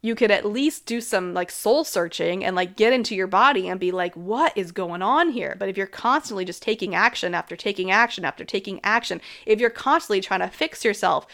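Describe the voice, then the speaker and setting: Talking alone as a host, a chatty woman in her thirties speaks frankly about health and habits, peppering her speech with "like" and frequent laughter. Her mid-range voice is fairly bright and fairly quick, with few pauses.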